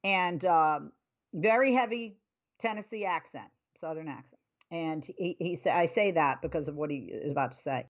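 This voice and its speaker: A woman's voice: low voice, normal speed. A woman hosting a talk radio show, telling a story and then scolding listeners in an exasperated, emphatic way. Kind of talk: opinionated talk radio monologue.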